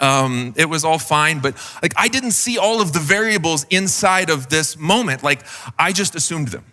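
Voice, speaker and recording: A man's voice: a little high, sharp tone, big-room sound. A man preaching a sermon as pastor, telling a story casually with fillers and acted quotes.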